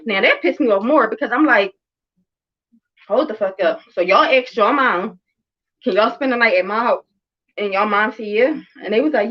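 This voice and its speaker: A woman around thirty hosts a casual chat and tells a story about parenting. Her voice sits a little high, and the lo-fi recording sounds muffled. She talks bluntly and emphatically, with lots of swearing and repetition. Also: moderate pace. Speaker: podcast host and mother.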